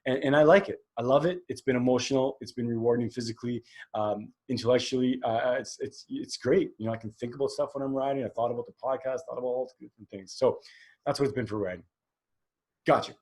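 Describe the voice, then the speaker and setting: A man's voice: medium pitch, quick pace, darkish tone. A man in his forties hosting a solo podcast, talking candidly and rambling, with many fillers and restarts. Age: 40s. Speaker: podcast host.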